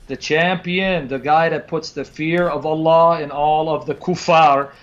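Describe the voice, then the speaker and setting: Jokey male co-host of an online discussion, fairly high voice, dull lo-fi audio. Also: steady tone, a little slow. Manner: jokey and mocking.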